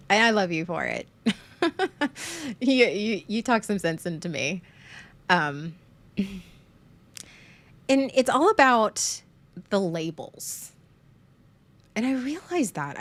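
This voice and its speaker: A woman hosting a livestream, talking frankly in a halting way with many fillers and restarts, and making fun of herself. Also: mid-range voice, a bit bright. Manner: frank and self-deprecating. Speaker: livestream host. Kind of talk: candid casual livestream chat.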